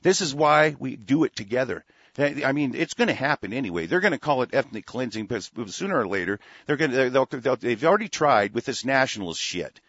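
A man's voice: mid-range voice, animated, brisk, a bit bright, breathy edge, no echo, lo-fi sound. A man hosting a talk radio show, delivering a rambling, profane, heated monologue.

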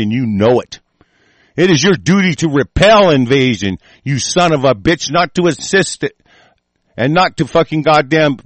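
An American man hosting an online show, delivering a profane, angry political rant that swings from muttering to shouting while sick. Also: on the high side, dry recording. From United States.

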